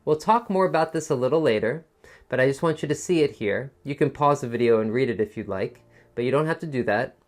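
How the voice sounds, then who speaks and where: Guy teaching a test prep lesson, soft musical teacher voice going up and down, medium pitch. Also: lively intonation, fast talker. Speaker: TOEFL teacher. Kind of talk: online lesson explaining a test.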